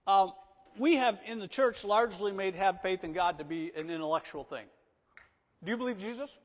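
A man with a high-pitched voice preaches to his congregation in a church sanctuary. He shifts between loud, emphatic declarations and quiet, coaxing asides. A long reverb from the hall trails every phrase. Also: moderate pace. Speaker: pastor. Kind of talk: sermon.

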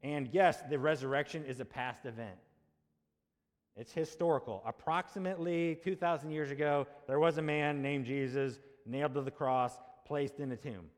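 A male pastor preaching a sermon in a conversational way, asking rhetorical questions and checking in with the congregation. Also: medium pitch. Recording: long hall reverb.

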